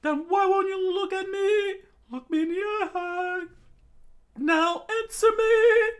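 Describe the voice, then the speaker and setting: Furious young cook, shrill falsetto, very high, loud, slow. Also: male voice. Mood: angry.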